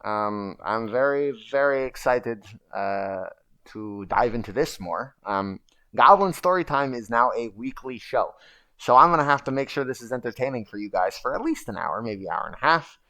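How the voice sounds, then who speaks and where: Man, livestream host, gravelly, bright tone, lively swings in pitch, rambling casual talk. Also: normal speed. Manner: rambling and animated, chanting and shouting at times.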